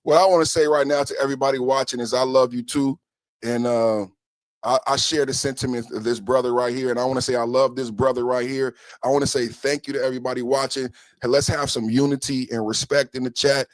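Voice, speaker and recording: A man hosting a live podcast stream, commenting on clips in an emphatic, repetitive way that swings between soft talk and shouting. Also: mid-range voice, level tone, quick pace, no room sound. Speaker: podcast host.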